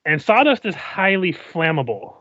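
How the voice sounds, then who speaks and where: Bright, higher-voiced swearing male player. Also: big pitch swings, moderate pace, dry recording. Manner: laid-back, swears freely. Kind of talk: casual tabletop play. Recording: dull, dry mic sound.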